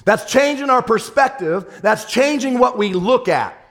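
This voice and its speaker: A man preaching a sermon, swinging from loud triumphant shouts to hushed, laughing storytelling. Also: extremely high pitch, animated, measured pace, big-room sound. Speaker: pastor.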